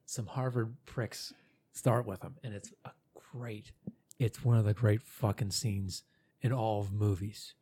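A man's voice: on the low side, steady tone, measured pace, mellow, slightly rough. A man co-hosting a podcast, chatting casually in a blunt, profane way. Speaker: podcast co-host. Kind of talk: casual chat.

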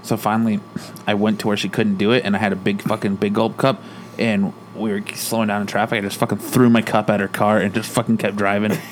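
A man's voice: on the low side, fast, a little hiss or hum. A man in a casual chat, telling road-rage stories and acting out the quotes, with plenty of swearing. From Arizona, USA. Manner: animated storyteller, acts out quotes, swears.

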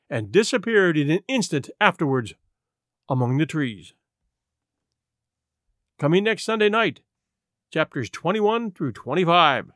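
A man narrating a classic adventure story in a theatrical, expressive reading style. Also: on the high side, no room sound, clean studio sound. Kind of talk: scripted audiobook narration.

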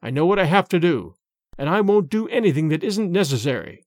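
A man's voice: a little high, sing-song, a little fast, no room sound, clean studio sound. A man voicing a stern grown son who gives firm, curt orders that allow no argument.

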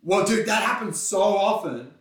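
Aussie guy ranting on a comedy podcast, bright sharp voice, sounds roomy and off mic. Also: high voice, moderate pace, far from the mic. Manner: animated, swearing, mocking impressions. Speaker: podcast co-host. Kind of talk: casual comedic chat.

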